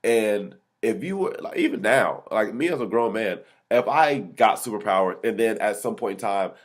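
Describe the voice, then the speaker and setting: Low-voiced man rambling excitedly about movies. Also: moderate pace. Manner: excited, rambling, many restarts and self-corrections. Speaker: movie review vlog host. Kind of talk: casual unscripted movie review.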